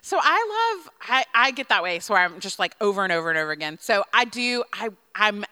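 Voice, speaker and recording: Bright bubbly woman in a reverberant room. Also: medium pitch, big pitch swings, fairly quick, clear, resonant tone. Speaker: guest. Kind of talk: casual chat.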